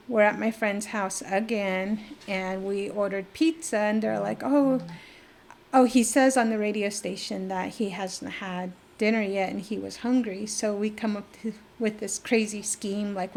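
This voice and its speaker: A middle-aged woman from New Mexico, a podcast guest telling a personal story in conversation, lively and full of fillers, acting out the dialogue she recalls. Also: medium pitch, normal speed, gravelly, few pauses. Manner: lively, acts out quoted dialogue, many fillers.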